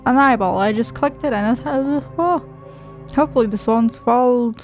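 A gameplay streamer with a fairly high voice plays a video game at normal speed, reading its dialogue aloud in let's-play style. She swears and giggles through sassy asides while faint music plays behind her.

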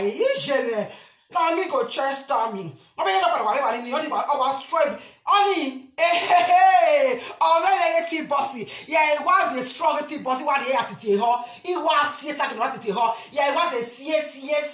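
A Nigerian woman giving an impassioned, emphatic rant to camera as a spiritual vlogger, often bursting into shouts. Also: sits high, echoey room.

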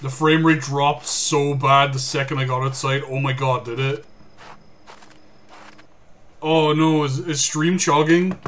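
A man streaming a horror game, cursing and yelling at the game in exasperation. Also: a little high, fairly even intonation, takes it slowly, long pauses, a little hiss or hum. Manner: swearing, exasperated outbursts at the game. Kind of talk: casual gameplay commentary.

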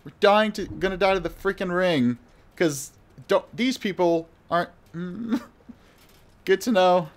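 A man's voice: high-pitched, a little slow. Flustered man rambling over gameplay. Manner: rambling, flustered, self-mocking. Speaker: gamer. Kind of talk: live gameplay commentary.

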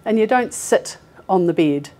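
A woman's voice: medium pitch, animated, a little slow, mellow. A woman in her forties, a recruiter giving a chatty, informal talk to an audience, laughing often and using lots of fillers. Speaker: healthcare recruiter presenting. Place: meeting room with a live audience.

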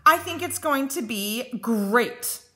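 A woman's voice: fairly high pitch, lively intonation, slow, bright, forceful tone, pitched above the performer's own voice, full character voice. A woman voicing a friendly, cheerful bear in a storybook read-aloud. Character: friendly cheerful bear who loves hugs.

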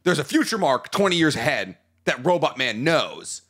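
A man co-hosting a casual podcast, his voice bright and ringing and his pitch a little high. He swings up and down in an animated way, swears freely and jokes often. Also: normal speed, husky. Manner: profane, animated, jokey. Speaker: podcast co-host. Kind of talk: casual chat.

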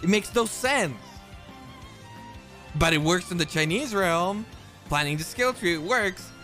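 A man's voice: high voice, expressive, a little slow, pushed and bright, faint music behind. A man streaming a game, complaining in disbelief about its design, swearing casually. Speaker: gaming streamer.

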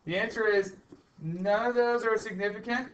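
A man's voice: high-pitched, steady tone, normal speed, fairly bright tone, lo-fi sound. A male chemistry teacher lecturing a class, chatty and teasing, repeating the key points. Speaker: high school chemistry teacher.

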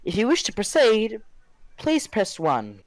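A woman's voice: mid-range voice, huge pitch swings, unhurried, no room sound, low-quality recording. A woman mimicking an automated phone hotline menu as a prank in game voice chat.

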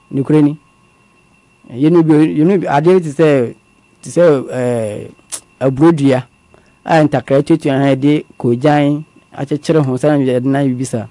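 A man, calmly recounting a personal story as a guest in a conversational interview. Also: fairly high pitch, normal speed, pauses often, no echo. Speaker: guest telling his story. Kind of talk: conversational testimony.

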